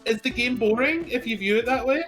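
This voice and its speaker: A man's voice: extremely high pitch, brisk, a bit bright, soft background music. Critical male game streamer. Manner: critical, picks apart plot logic; chuckles often. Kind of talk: casual chat.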